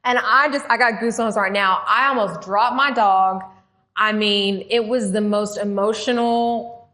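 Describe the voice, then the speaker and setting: A middle-aged woman, a former prisoner telling her story as an interview guest in a lively conversational way. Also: medium pitch, measured pace. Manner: animated, acts out quoted voices.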